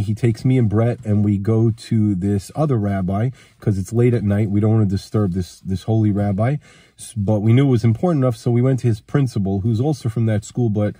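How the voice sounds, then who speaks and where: A man's voice: on the low side, warm tone, breathy edge, no room sound, clean studio sound. A man with a cold telling a personal story in a casual, rambling way, acting out the lines of the people in it. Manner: rambling, acts out quoted dialogue. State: has a cold.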